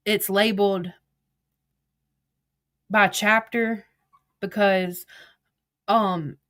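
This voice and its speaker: A woman's voice: medium pitch, steady tone, extremely slow, a bit bright. A woman casually retelling a text conversation, reading each message aloud as "I said, she said" and swearing freely. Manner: swears freely, blunt and exasperated. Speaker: vlogger retelling online drama.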